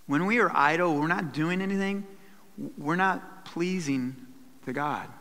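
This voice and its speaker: A man preaches to his church in a high, bright voice, and the sound rings in a hall with a long echo. He breaks into little acted asides and quoted voices as he teaches. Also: a little slow. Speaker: pastor. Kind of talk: sermon.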